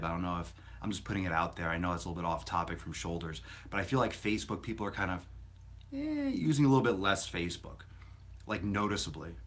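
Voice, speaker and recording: Deep-voiced blunt fitness streamer. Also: male voice, a bit bright. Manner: rambling, blunt and profane, answering viewer questions. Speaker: fitness livestream host. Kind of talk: casual live-stream chat.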